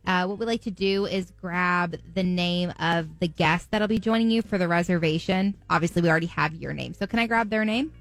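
A woman's voice: lowish voice, a little fast, hardly any pauses, no echo. Nosy, playful female radio co-host. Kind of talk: radio show banter and prank call.

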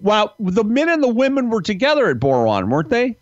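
A man's voice: sits high, wildly swooping pitch, brisk, dry recording. Eager male host prompting a guest. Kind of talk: casual chat. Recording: dull lo-fi, dry.

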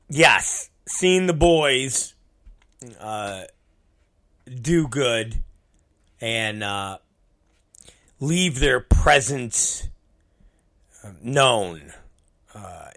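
Slow-talking, bright-voiced profane man. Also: medium pitch. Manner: rambling, swears freely, self-deprecating. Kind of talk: casual profane monologue.

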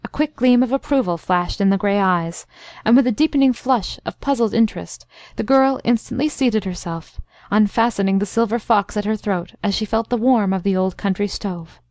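A woman narrating a classic story in a steady, even storytelling voice. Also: medium pitch, moderate pace, no room sound, studio quality. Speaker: audiobook narrator.

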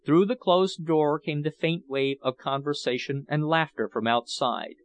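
A man's voice: fairly high pitch, unhurried, clean tone, no room sound. A man reading a novel aloud as an audiobook narrator. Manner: expressive storytelling. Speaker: audiobook reader. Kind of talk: scripted narration.

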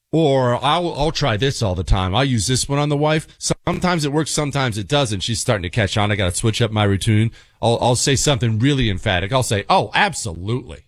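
A man's voice: mid-range voice, no room sound, studio quality. A man hosting a talk radio show, giving joking, mock-serious advice to his listeners.

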